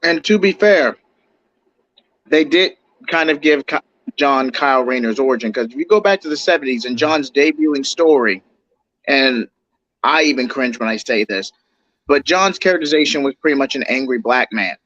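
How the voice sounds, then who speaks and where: A man's voice: medium pitch, animated, moderate pace, a bit bright, dry recording, highs cut off. A man co-hosting a podcast, casually discussing a comic-book film in an analytical way and arguing fine points. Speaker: podcast co-host.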